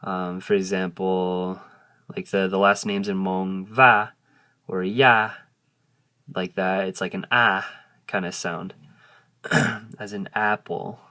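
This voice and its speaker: Deep-voiced guy going slow, walking you through vowel sounds one by one. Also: monotone, pushed and bright. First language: English. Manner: slow, patient explaining, modelling sounds aloud. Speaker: language teacher. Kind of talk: casual video lesson on pronunciation.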